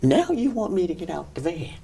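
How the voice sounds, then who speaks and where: A woman telling a dramatic true story, acting it out with loud sound effects and checking in with "that makes sense?". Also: lowish voice, sing-song, a little fast, gravelly, slightly rough. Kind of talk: animated story time.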